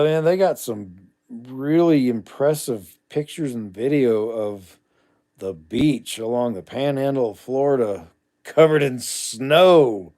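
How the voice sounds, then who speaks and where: A man's voice: medium pitch, darkish tone. A middle-aged man hosting a casual livestream, reading viewer comments aloud and answering them bluntly, with asides muttered under his breath.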